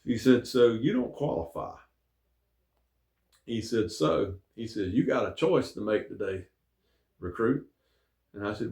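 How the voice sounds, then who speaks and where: A middle-aged man tells a rambling story in a casual, folksy manner, with plenty of "uh" and "you know". His voice sits low and gravelly. The sound bounces around an echoey room. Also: a little mellow. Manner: rambling, folksy, with many fillers. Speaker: storyteller and show host.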